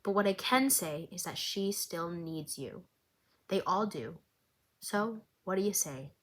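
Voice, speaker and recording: A woman voicing a fatherly older man mentor, speaking low and hushed, close to her own voice. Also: expressive, measured pace, rough recording. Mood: tender.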